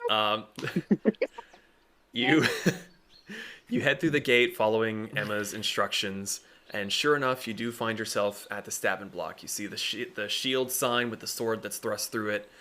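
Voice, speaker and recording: Bright-voiced man running a tabletop game. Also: on the low side, unhurried. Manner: laughs often while narrating. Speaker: game master.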